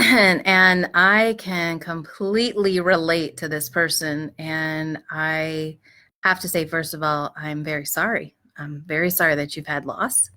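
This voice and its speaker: A middle-aged woman hosting a live advice show, speaking gently and reflectively, with frequent fillers and restarts, clearing her throat now and then. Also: sits low, steady tone, unhurried. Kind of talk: live-streamed advice talk.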